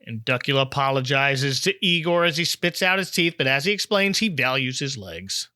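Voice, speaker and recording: A man hosting a podcast, recapping a cartoon episode in a lively, chatty way. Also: mid-range voice, dry recording, clean studio sound. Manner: lively plot recaps with quick impressions. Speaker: podcast host.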